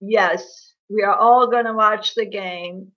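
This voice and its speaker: A woman's voice: medium pitch, steady tone, takes it slowly. A woman hosting a casual livestream, chatting in a gossipy, laughing way and answering viewers' comments by name. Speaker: livestream host. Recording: dull lo-fi livestream audio.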